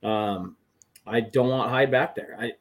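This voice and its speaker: A man's voice: mid-range voice, a little slow. A man guesting on a sports podcast, rambling and restarting his sentences. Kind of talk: casual sports chat.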